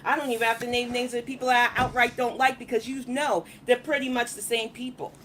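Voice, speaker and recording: A woman's voice: fairly high pitch, flat delivery, fast talker, fairly bright tone. A woman streamer in an emotional livestream monologue, aggrieved and declaring her position, swearing now and then. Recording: faint background noise.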